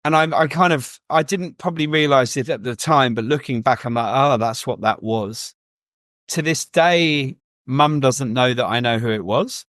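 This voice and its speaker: Here's a man sitting as a guest and recounting family history in a candid, reflective way, often pausing and restarting his sentences. His voice sits at a middle pitch for a man. It sounds dry and close, with almost no room around it. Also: a bit bright, no echo. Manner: reflective, storytelling with many restarts. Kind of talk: candid personal interview talk.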